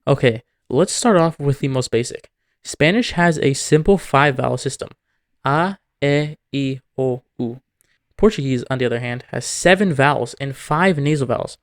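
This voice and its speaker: A man's voice: medium pitch, lively intonation, normal speed. A man narrating a scripted educational video, explaining points methodically and working example words into his explanations. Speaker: language video host.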